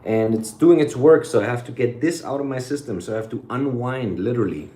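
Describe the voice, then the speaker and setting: Man, vlogger; loose, rambling and sweary, dark relaxed timbre, roomy echo. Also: mid-range voice, fairly quick. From United States. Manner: rambling, sweary, drops German phrases. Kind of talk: casual rambling monologue. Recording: echoey room.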